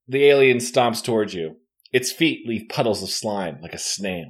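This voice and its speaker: A man reads a gamebook aloud to his friends with an animated voice. His pitch swings widely as he narrates, with casual asides in between. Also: normal speed. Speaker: game narrator.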